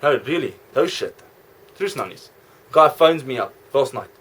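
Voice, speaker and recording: A man's voice: medium pitch, lively intonation, moderate pace, a bit bright, slightly rough. A man vlogging in a rambling, jokey, self-correcting way. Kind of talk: rambling casual monologue.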